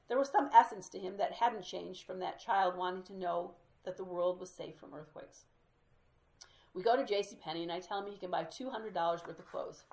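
A woman's voice: lowish voice, a little fast, a little mellow. A woman storyteller reading a memoir aloud, sprinkling in Spanish words.

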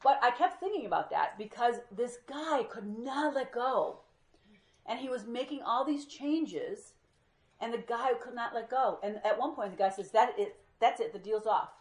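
A woman's voice: on the high side, moderate pace, roomy sound. A woman teaching a group Bible study, telling stories with energy and acting out what people said. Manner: lively storyteller who acts out quoted speech.

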